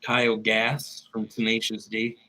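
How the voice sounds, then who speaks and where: Man from Texas, livestream guest, bright sharp tone, rambling, filler-heavy, laid-back. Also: on the low side, completely flat delivery, unhurried, rough recording. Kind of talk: casual livestream banter.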